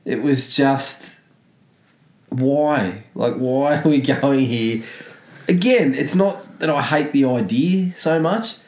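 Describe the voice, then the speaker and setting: A man's voice: mid-range voice, slow, a little mellow. A man ranting sarcastically about a film in casual chat, laughing as he talks. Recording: echoey room.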